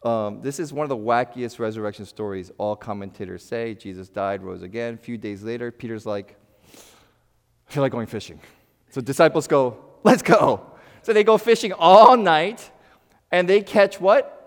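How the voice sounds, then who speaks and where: A male pastor giving a sermon in an animated, conversational way, swinging from loud bursts to quiet asides with playful humor. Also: medium pitch, moderate pace, clear, resonant tone. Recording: long hall reverb.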